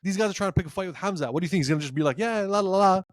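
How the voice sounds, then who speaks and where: A man co-hosting a casual sports podcast, telling animated stories, acting out quotes and laughing often. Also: a little high, racing, dry recording, clean studio sound. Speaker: podcast co-host.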